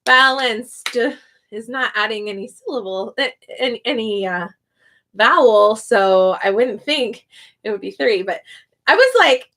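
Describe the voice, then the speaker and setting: A woman's voice: a little high, expressive, measured pace, fairly bright tone, a little hiss or hum. A young woman, an online English teacher, chatting casually on a livestream and thinking aloud with frequent laughs.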